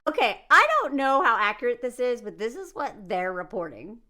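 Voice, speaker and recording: A woman from the United States giving casual, animated commentary, sarcastic and laughing often. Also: fairly high pitch, normal speed. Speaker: commentary vlogger.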